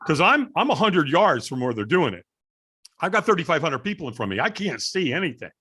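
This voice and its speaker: A middle-aged man with a slightly high voice tells a story in a podcast interview. His pitch swings widely as he throws himself into the tale and acts out other people's lines. He comes across as an animated storyteller. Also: a little fast, husky. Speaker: guest, firewalk instructor.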